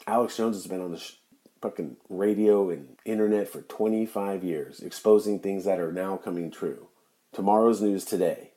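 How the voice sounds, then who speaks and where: Low-voiced guy doing an angry podcast rant, swearing a lot and mocking, kinda deep. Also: mellow. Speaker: podcast host.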